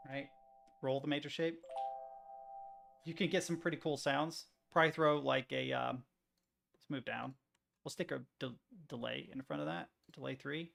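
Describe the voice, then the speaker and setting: A man's voice: fairly high pitch, vocal fry, fairly bright tone, slight background noise. A man streaming, chatting casually in a rambling, self-interrupting way while he makes music on a computer, swearing now and then.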